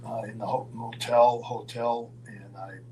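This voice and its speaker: An older man from Minnesota telling road stories in a casual, animated way, acting out the voices of the people in them. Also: medium pitch, unhurried, poor audio. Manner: animated storyteller, acts out quoted voices, chuckles. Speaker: storyteller guest.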